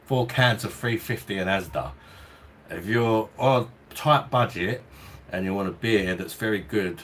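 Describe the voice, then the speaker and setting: The speaker is a man from London with a Cockney, South East London accent, rambling through a relaxed beer review he streams live from home in hot weather with a fan nearby. He chuckles often, and his low voice is a bit bright, with slight background noise.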